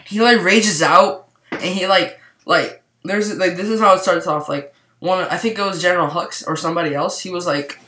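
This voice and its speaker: A man giving a casual movie review to camera, rambling and excited, with lots of "like" fillers. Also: high-pitched, normal speed, slight background noise. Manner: rambling, excitable, heavy use of "like". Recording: roomy echo.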